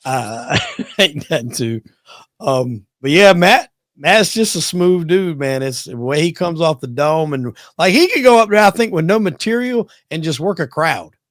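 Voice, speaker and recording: A man's voice: a little high, animated, unhurried, a bit bright, dry recording, clean studio sound. A man hosting a podcast, laid-back and profane, rambling in casual chat. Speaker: podcast host.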